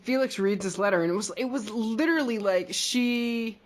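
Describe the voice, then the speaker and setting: A woman co-hosting a podcast recaps a TV episode at a normal pace in a fairly high voice. Her talk is chatty and meandering, packed with filler words.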